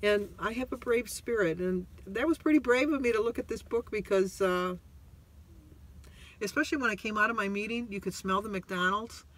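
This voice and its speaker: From a parked car, a middle-aged man on a weight-loss journey delivers a casual vlog monologue. His voice is high-pitched and a bit bright at a normal speed, and he rambles emotionally, putting himself down and restarting often.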